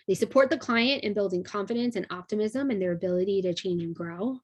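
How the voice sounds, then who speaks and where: A young adult woman teaching a class in a conversational way, with many fillers and frequent checks like "right?". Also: medium pitch. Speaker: instructor.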